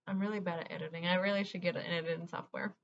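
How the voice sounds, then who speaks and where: A woman's voice: fairly low pitch, steady tone, fast talker, muffled recording. A young woman from Venezuela, chatting candidly at home while she does her makeup, rambling through childhood memories and laughing through hard moments. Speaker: vlogger. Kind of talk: get-ready-with-me chat while doing makeup.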